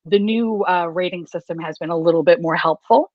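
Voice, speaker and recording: A woman's voice: fairly low pitch, a little fast, no room sound. A woman chatting casually as a guest on a video call, candid, swearing freely and laughing often. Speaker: guest YouTuber. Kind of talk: casual live chat. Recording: dull, lo-fi, dry sound.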